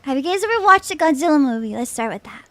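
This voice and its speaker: Pushed, bright, and fast, this young woman's high voice swings widely in pitch, with no room sound. As a VTuber, she banters casually with her audience, reading chat out loud, laughing frequently, and echoing her own lines.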